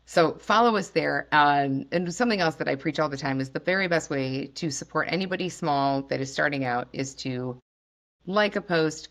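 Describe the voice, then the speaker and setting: A woman's voice: sits low, a bit bright. A woman hosting a podcast, chatting casually and animatedly with lots of fillers. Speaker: podcast host. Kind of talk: casual chat.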